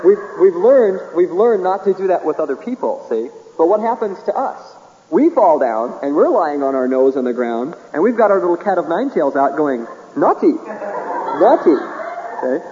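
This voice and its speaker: A man's voice: fairly high pitch, sing-song, normal speed, long reverb tail, highs cut off. A man preaching a sermon in a folksy way, chuckling often and acting out little dialogues.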